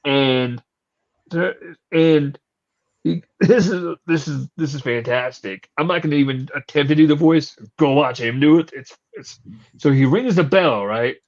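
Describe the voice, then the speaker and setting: A man hosts a casual podcast chat and retells a story with animated energy and casual swearing. His voice sits somewhat high for a man. The recording sounds slightly muffled and lo-fi. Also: a little slow. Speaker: podcast host.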